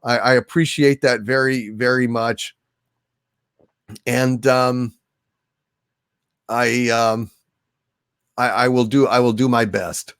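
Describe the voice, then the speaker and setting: A man hosting a casual livestream, thanking viewers by name in a soft, halting way. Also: medium pitch, fairly even intonation, clear, resonant tone, no echo, studio quality. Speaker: livestream host. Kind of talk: casual livestream chat, reading viewer donations.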